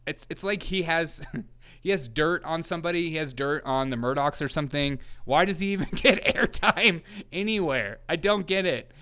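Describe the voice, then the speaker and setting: A man's voice: fairly high pitch, normal speed, pushed and bright, clear, resonant tone. A man hosting a comedy news show, sarcastic and laughing often as he riffs. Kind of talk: casual comedic commentary.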